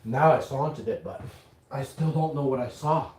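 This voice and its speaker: A woman from Winnipeg, telling a story on a casual livestream, animated and swearing, acting out the quotes. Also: a bass voice, normal speed, roomy sound, slight background noise. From Winnipeg, Canada.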